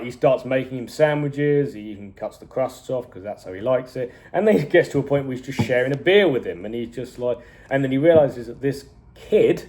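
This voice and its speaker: A man casually reviewing a TV series, retelling scenes with animated energy, frequent chuckles and swearing. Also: mid-range voice. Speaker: TV show reviewer.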